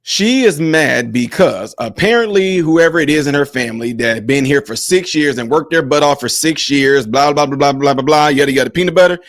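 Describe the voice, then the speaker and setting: A man's voice: on the high side, no echo, clean studio sound. A man hosting a commentary vlog, combative and mocking, speaking straight to his viewers. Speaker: host.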